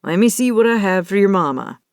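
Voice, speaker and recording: A woman's voice: mid-range voice, animated, fairly quick, dry recording, clean studio sound, lightly acted. A woman voicing a friendly male pharmacist who talks in an easy, kind way. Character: friendly male small-town pharmacist, easygoing.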